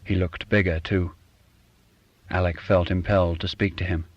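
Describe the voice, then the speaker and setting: A man reading literary fiction aloud as an audiobook narrator, measured and even. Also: low voice, no echo, lo-fi sound.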